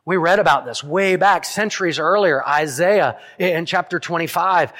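A man preaching a sermon as pastor, earnest, dropping softly on key lines and speeding through asides. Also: a little high, moderate pace. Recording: long hall reverb.

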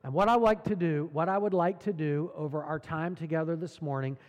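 A man's voice: on the high side, fairly quick, big-room sound. A man preaching a sermon as pastor, earnest and emphatic, asking the congregation rhetorical questions.

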